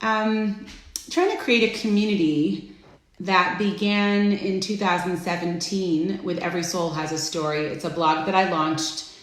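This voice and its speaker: A middle-aged woman hosting a casual live stream, chatty and friendly, greeting viewers by name with bursts of excitement. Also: fairly low pitch, measured pace. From Florida. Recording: echoey room.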